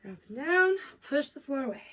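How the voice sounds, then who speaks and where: A woman with a high voice coaches a workout while doing it herself. She counts reps aloud between panting breaths and keeps things upbeat with little jokes. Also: sing-song, moderate pace, a bit bright. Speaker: fitness coach. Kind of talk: workout instruction while exercising.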